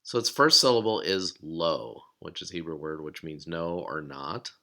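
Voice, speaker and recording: A man giving a recorded lesson, explaining steps calmly and sounding out words slowly. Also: low voice, gravelly. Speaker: teacher.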